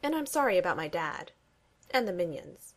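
A woman's voice: fairly low pitch, very animated, moderate pace. A woman voicing a breezy, teasing young woman in a fan fiction reading. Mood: playful.

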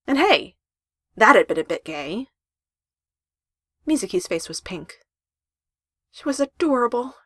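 Expressive lady reading a story, lively bouncy delivery, dry close mic. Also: on the high side, unhurried, pauses often, no room sound. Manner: expressive, with emphatic rises. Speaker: narrator.

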